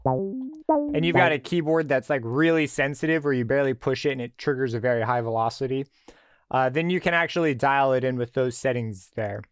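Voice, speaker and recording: A man giving a relaxed, screen-recorded tutorial on a synthesizer plugin, explaining as he tweaks settings. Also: medium pitch, fairly quick, clean tone, no echo, clean studio sound, soft background music. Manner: relaxed explanatory, thinking aloud with fillers. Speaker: music production tutor.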